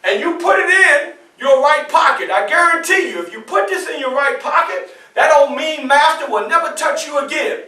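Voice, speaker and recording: A man's voice: extremely high pitch, animated, normal speed, pushed and bright, distant mic, heavily acted. A man voicing a kindly free man who coaxes and insists in a friendly way. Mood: coaxing. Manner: coaxing, insistent. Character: kindly free older man, urging and superstitious. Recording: echoey room, mic from afar.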